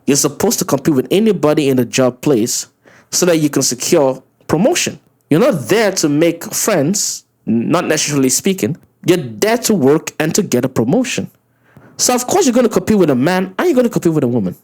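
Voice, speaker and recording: A man ranting through a reaction commentary, incredulous and profane, his voice swinging up high when he gets worked up. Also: sing-song, fairly quick, darkish tone. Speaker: commentary channel host.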